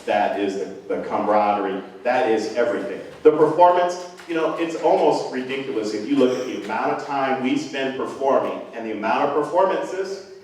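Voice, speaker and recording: A middle-aged man giving a rambling, earnest, self-deprecating speech to parents as a band director. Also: mid-range voice. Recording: echoey hall from far off.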